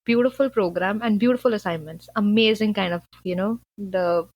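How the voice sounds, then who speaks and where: Woman, from Punjab, podcast guest, earnest, chatty, mid pitch, dry sound. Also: normal speed, no room sound, dull audio. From Punjab, India. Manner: earnest, chatty, sprinkles in "like" and "you know". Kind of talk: casual conversational interview.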